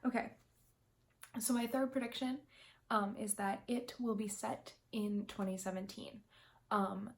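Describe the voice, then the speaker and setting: A young woman talks to her camera at home in a relaxed, chatty vlog. She rambles with plenty of ums and restarts and sounds emotionally caught up in what she says. Her voice sits in an ordinary middle pitch. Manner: chatty, emotional, many ums, tearful laughs. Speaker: vlogger. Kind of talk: casual fan prediction vlog.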